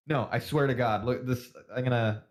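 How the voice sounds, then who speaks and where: A man co-hosting a casual podcast, ranting and swearing with a laugh in his voice. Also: mid-range voice. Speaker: podcast co-host. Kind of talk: casual profane podcast banter.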